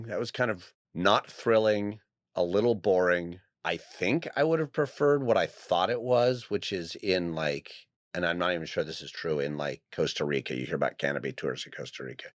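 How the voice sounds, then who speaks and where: A man with a very low voice chatting on a podcast, reflective and wry, often restarting his thoughts. The sound is dry and close. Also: moderate pace, no echo. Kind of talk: casual podcast chat.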